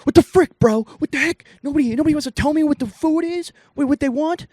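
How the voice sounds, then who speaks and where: A man's voice: quick pace, a little mellow, no echo, clean studio sound. A man putting on his petulant middle-aged father, whining in a raised, indignant voice. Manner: high indignant whine. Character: whiny petulant middle-aged dad, pouting.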